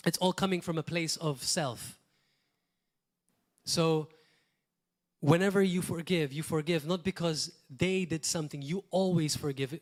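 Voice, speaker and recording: Earnest male preacher with a higher voice. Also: a little slow, pauses often. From Malta. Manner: earnest preaching, rhetorical questions, swings between loud emphasis and quiet asides. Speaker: pastor. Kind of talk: sermon. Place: church.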